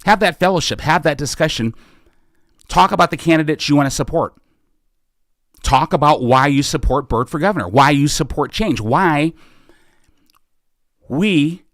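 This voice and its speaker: A man's voice: on the high side, lively intonation, moderate pace, long pauses, a bit bright, no room sound, clean studio sound. A middle-aged American man hosting a live podcast Q&A, urging his listeners on with fervent, repeated calls to action. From United States. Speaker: podcast host and political candidate. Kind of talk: live podcast Q&A, rallying appeal.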